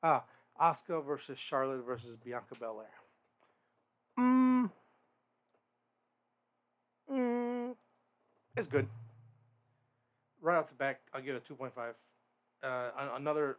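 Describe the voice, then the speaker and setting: A podcast host with a steady, slightly bright mid-range voice gives a fairly quick solo wrestling review. He's casual and blunt, rambling with frequent restarts and fillers, and swears now and then.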